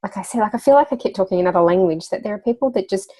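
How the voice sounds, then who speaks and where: A woman's voice: mid-range voice, lively intonation, very fast, dark tone. A woman guest in a casual interview, talking as a children's wellbeing coach with a chatty storyteller's manner, laughing now and then and using lots of fillers. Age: adult parent.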